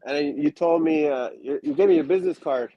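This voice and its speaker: A man's voice: fairly high pitch, quick pace, no echo, dull audio. Rambling man telling wrestling stories. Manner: rambling with many restarts and fillers, acts out quotes. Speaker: wrestler guest. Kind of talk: casual interview storytelling.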